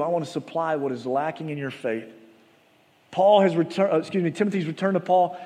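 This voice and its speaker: Man, pastor, sermon, earnest and conversational, high-pitched, long hall echo. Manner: earnest, conversational storytelling with animated retold dialogue.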